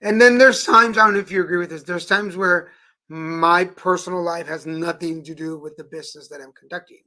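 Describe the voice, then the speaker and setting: A man's voice: sits high, fairly quick. A man hosting a live stream, chatting casually and telling playful stories. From Texas. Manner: animated, playful storyteller. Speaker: host.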